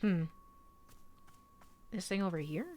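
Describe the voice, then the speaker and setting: A woman's voice: on the low side, slow pace, mellow. A young woman streaming a video game, chatting casually, bubbly and giggly, gushing over cute things. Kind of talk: casual let's-play commentary.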